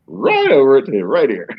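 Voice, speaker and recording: A man's voice: medium pitch, huge pitch swings, measured pace, noisy background. A man hosting a podcast in casual chat, rambling through jokey, mock-serious tangents. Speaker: podcast host. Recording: dull lo-fi, dry.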